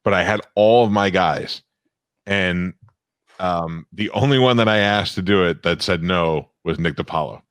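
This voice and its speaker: A man's voice: low-pitched, normal speed, a bit bright, clear, resonant tone, no echo, studio quality. A man in his fifties, a radio host, telling a blunt, profane story in casual chat. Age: 50s. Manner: blunt, swearing anecdote teller. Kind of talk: casual comedy podcast chat.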